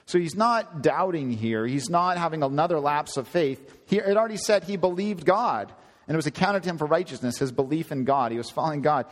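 A man preaching a conversational sermon, often climbing higher in pitch for emphasis. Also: a little fast. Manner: conversational, animated, rising to high emphasis. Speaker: pastor. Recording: long hall reverb.

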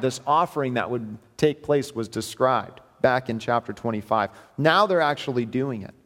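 A man preaching a verse-by-verse sermon in an earnest, emphatic way, often repeating his phrases. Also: mid-range voice. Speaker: pastor. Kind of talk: expository sermon. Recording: long hall reverb.

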